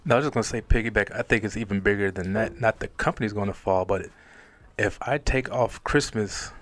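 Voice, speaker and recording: Earnest bright-voiced man co-hosting. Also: lowish voice, fairly quick. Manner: animated, earnest, laughs while talking. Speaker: podcast co-host. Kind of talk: casual panel discussion.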